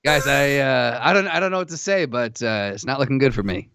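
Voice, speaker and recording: A man's voice: mid-range voice, expressive, fairly quick, a bit bright, smooth, no room sound, studio quality. A man co-hosting a podcast in casual chat, with laid-back, reactive banter. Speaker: podcast co-host.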